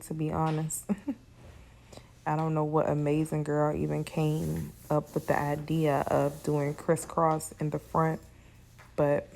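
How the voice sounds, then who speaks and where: Low, gravelly woman teaching braids. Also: a little mellow, slight background noise. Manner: casual, chatty, addresses viewers as y'all. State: tired, yawning. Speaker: hair braider. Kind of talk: hair tutorial talk.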